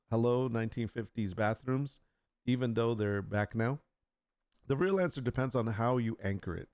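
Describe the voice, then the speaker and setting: A man's voice: on the low side, a little mellow, no room sound. A man chatting casually on a live stream, talking through his work and reading text aloud with joking asides. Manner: chatty, reads aloud, jokes with chat.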